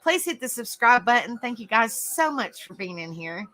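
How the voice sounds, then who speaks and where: A woman hosting a livestream, chatting to viewers and telling a rambling, animated story. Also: fairly high pitch, normal speed, rough recording. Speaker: livestream host. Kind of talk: casual live-chat storytelling.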